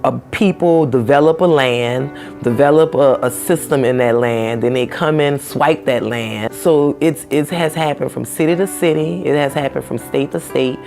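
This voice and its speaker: Very deep, gravelly earnest woman. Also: moderate pace, mellow, faint music behind.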